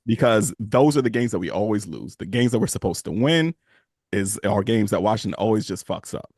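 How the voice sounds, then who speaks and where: A man co-hosting a podcast, telling a fan story in casual sports chat, animated and swearing freely. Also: lowish voice, a little fast, husky, dry recording, studio quality. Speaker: podcast co-host.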